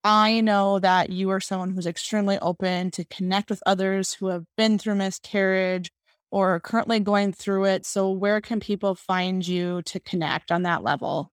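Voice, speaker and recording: Woman host, gentle and supportive. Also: mid-range voice, fairly even intonation, normal speed, clean tone, no room sound, studio quality. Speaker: podcast host. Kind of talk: interview conversation.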